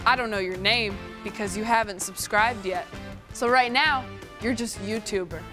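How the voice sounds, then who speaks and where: A woman's voice: medium pitch, moderate pace. A woman hosting a comedy show, playful and chatty, delivering scripted jokes. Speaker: show host. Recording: clear music behind.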